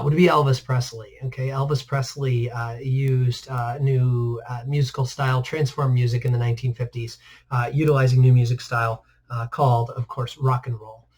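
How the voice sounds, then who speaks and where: A man teaching a recorded history lesson in a relaxed, conversational way, filling pauses with frequent "uh"s. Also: mid-range voice. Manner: relaxed, many "uh" fillers, conversational asides. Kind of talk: recorded class lecture over slides.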